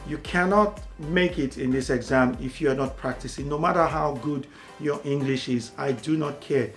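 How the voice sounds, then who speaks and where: Higher-voiced man giving exam tips. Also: moderate pace, soft background music. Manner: steady explaining, repeats key words. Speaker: exam prep tutor. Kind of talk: instructional talk to camera.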